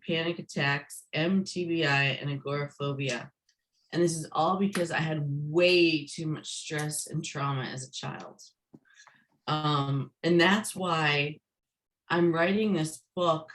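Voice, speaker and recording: A woman author talks in an interview. She is forthright and emphatic, and her voice sits somewhat low for a woman. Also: low-quality recording. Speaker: guest, author. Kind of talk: interview conversation.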